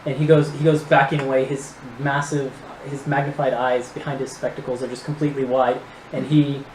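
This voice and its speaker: A low-voiced woman describing the scene as game master, easygoing and a little halting. Her voice carries a roomy echo over a faint hiss. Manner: relaxed, hesitant with fillers. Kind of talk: narrating a tabletop game.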